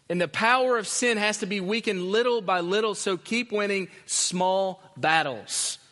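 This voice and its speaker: A man's voice: fairly high pitch, fairly bright tone. A man preaching a sermon as pastor, earnest and emphatic, repeating his key phrases. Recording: long hall reverb.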